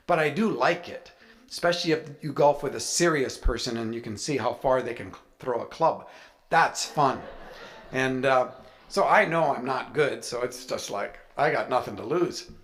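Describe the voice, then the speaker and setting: A man's voice: mid-range voice, fairly bright tone. Man telling a story to a live audience. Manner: conversational, acts out dialogue in his stories. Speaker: guest author speaking at a writers' event.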